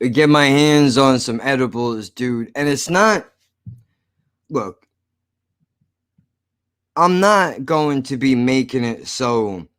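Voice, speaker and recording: A man hosts his own podcast and rants casually to his listeners, slurring, swearing a lot, and rambling. His voice is medium in pitch with a fairly bright tone, recorded clean in a studio with no room sound.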